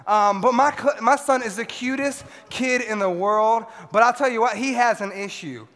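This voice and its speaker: Animated high-voiced young preacher man. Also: normal speed. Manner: animated, swings from loud shouts to quiet asides. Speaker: youth pastor. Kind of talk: sermon to a youth audience. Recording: long hall reverb.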